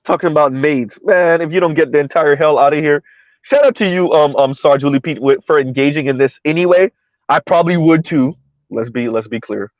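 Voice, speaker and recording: Speaking a little fast, a fairly high-voiced commentary vlogger from South Florida chats with viewers from the driver's seat as his car moves through floodwater. He often repeats himself and laughs. The recording is dry and close, with a dull, muffled lo-fi edge.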